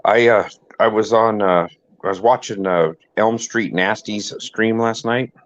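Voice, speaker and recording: A man's voice: fairly low pitch, fairly even intonation, measured pace, no echo. A man hosting a casual podcast chat, telling anecdotes and mimicking the people in them. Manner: storyteller who mimics people in his anecdotes. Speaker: host. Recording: dull lo-fi dry sound.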